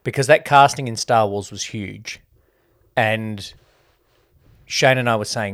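A man's voice: lowish voice, a little slow, a bit bright. Chatty man reviewing films. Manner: chatty, quotes people in mock voices. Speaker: podcast co-host, film reviewer. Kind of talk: casual chat.

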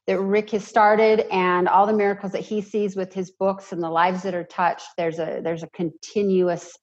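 A woman's voice: medium pitch, little pitch movement, moderate pace, highs cut off. A woman guest speaking earnestly and from the heart in an interview. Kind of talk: emotional personal interview talk.

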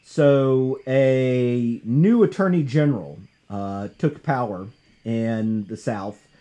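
A man hosting a casual talk show, discussing comics and history in an animated, conversational way. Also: takes it slowly. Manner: animated, conversational, jumps in pitch for emphasis. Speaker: podcast host.

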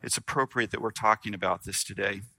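Guy preaching a sermon, really bright sharp voice, goes loud then real quiet. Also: lowish voice, fairly even intonation, no room sound. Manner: earnest preaching, dramatic pauses, swings from loud to hushed. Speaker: pastor.

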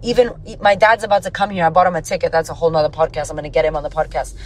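A woman's voice: deep voice, fairly even intonation, rapid-fire, a little hiss or hum. A woman hosting a podcast, talking casually in a blunt, emphatic way with frequent swearing. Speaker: podcast host. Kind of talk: casual motivational podcast monologue.

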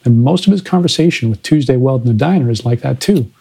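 Husky, mellow-voiced man talking films. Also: medium pitch, expressive, quick pace, rough recording. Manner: analytical, conversational. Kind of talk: casual film discussion.

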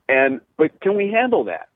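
A middle-aged man, a pastor and podcast host, telling stories in casual chat, animated and full of "you know" and restarts. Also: a little high, no echo. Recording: tinny phone-like line, dry.

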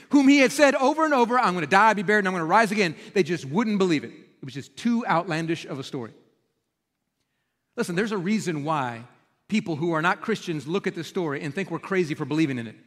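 High-voiced pastor preaching with emphasis. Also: male voice, brisk, big-room sound. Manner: animated, emphatic storytelling. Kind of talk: sermon. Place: church sanctuary.

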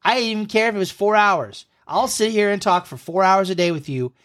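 A man's voice: high voice, brisk, a bit bright. A man in his thirties co-hosting a casual podcast from home, telling rambling stories and chuckling often. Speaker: podcast co-host. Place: home room.

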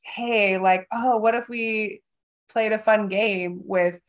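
A woman in a coaching conversation tells small everyday scenes and plays the voices in them. She sounds animated and warm in manner, with a middle-pitched voice. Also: slow. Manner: animated, acts out little scenes in quotes. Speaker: co-host coaching a therapist.

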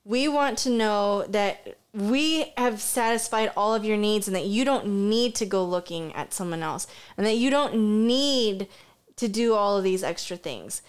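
A woman's voice: mid-range voice, unhurried, smooth. A woman and mother co-hosting a podcast, chatting casually and telling stories frankly with frequent swearing. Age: adult parent. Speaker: podcast co-host. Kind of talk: casual chat.

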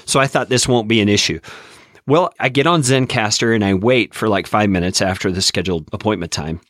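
A man, a podcast host, telling stories in a relaxed, reflective casual chat. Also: lowish voice, a little fast, no echo, studio quality.

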